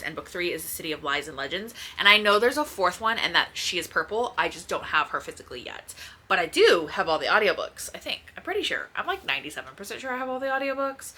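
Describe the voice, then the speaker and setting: Chatty woman with a lively voice. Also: lowish voice. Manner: chatty, rambling, swears casually. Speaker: book vlogger. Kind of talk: casual chat. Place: home room by bookshelves. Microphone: camera in front.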